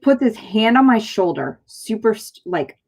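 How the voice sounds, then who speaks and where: Her voice is fairly high with big pitch swings, a measured pace, creak, and a slight mellowness. This thirtysomething San Diego chiropractor and show host tells a personal story conversationally, performing the dialogue with energy and lots of fillers and restarts.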